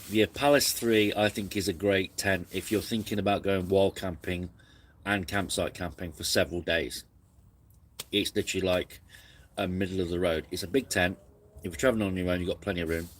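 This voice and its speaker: A man's voice: low-pitched, slight background noise. A man hosting a casual camping live stream, rambling and reflective, snacking between sentences.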